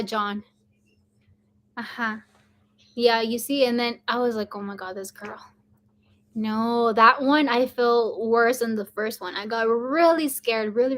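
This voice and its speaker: Chatty young woman, high voice. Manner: chatty, many fillers like "like" and "um". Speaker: vlogger. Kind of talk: casual storytelling to camera.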